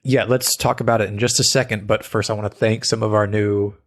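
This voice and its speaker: A man's voice: fairly low pitch, flat delivery, brisk. A man co-hosting a podcast in casual chat, playful and punning, with a stuffed-up nose. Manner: playful, jokey, makes puns. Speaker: podcast co-host.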